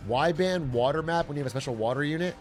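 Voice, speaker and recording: Speaking very fast in a fairly high voice, a young man plays a strategy game on stream, joking and cursing in casual chat. When nerves hit he repeats himself and talks himself through it, while game music plays faintly underneath.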